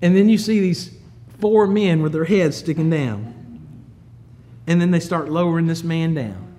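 A man preaching a sermon, moving from quiet, low storytelling to loud, emphatic high peaks. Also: measured pace. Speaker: pastor.

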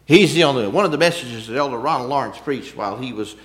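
Preaching conversationally, a man poses rhetorical questions and alternates between loud emphasis and quiet asides. His medium-pitched voice is expressive, and he talks fast.

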